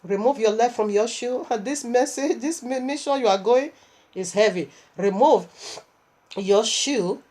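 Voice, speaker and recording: A calm, gentle savior speaks quietly with soft authority, voiced by a woman preacher. The voice sits somewhat high but is held low and hushed. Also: unhurried. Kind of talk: sermon storytelling.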